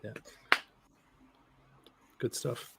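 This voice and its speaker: A man's voice: drawn-out words, very noisy. A man co-hosting a casual discussion, wry and dry-humored.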